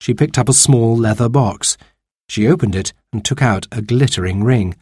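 A man reading a children's story aloud, clear and expressive. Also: medium pitch, moderate pace, dry recording, clean studio sound. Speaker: narrator.

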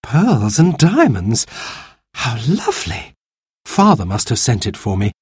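A man voicing a firm, caring mother in a storybook reading, brisk and direct. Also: medium pitch, wildly swooping pitch, darkish tone, husky, no echo, studio quality, exaggerated voice.

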